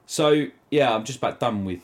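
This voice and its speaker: A man's voice: medium pitch, lively intonation, normal speed. A British man co-hosting a podcast, telling a story in casual chat, swearing and laughing a lot. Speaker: podcast co-host.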